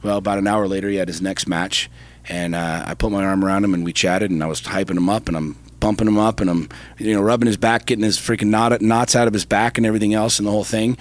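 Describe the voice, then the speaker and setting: A man's voice: lowish voice, steady tone, fast talker. Intense, profane man telling a story. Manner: intense, profane storytelling, rising to emphatic fervor. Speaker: podcast co-host. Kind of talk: casual chat.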